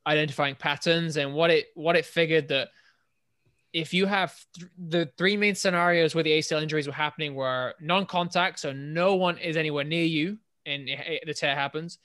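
A man's voice: a little high, moderate pace, fairly bright tone. A young man from England, co-hosting a casual podcast and explaining a sports injury study in a chatty way, often restarting his sentences. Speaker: podcast co-host.

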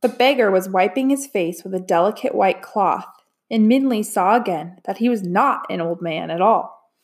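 A woman narrating a storybook in a calm, even way. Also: mid-range voice, moderate pace. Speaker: audiobook narrator. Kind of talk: storybook reading.

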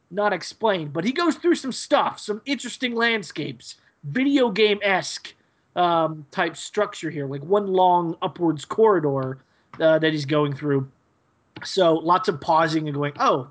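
A man co-hosting a podcast, giving a rambling, hesitant episode recap full of fillers and pauses. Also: fairly high pitch, fairly bright tone. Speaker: podcast co-host.

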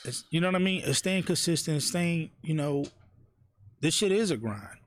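A man on a casual interview show, telling animated stories and mimicking the people he quotes. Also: fairly high pitch, moderate pace, dry recording. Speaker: interviewer and guest. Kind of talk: casual podcast chat.

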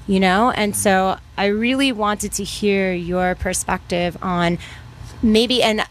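A woman's voice: mid-range voice, slow pace, a little hiss or hum. Earnest woman moderating a panel. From New Mexico. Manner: earnest, animated storytelling. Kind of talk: casual panel talk.

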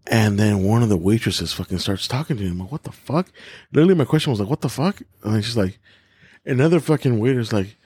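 A man's voice: on the low side, quick pace, darkish tone, husky, no room sound. A man hosting a podcast, telling crude stories with lots of swearing and laughter. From California. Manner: profane, laughing storyteller. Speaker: podcast host. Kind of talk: crude casual chat.

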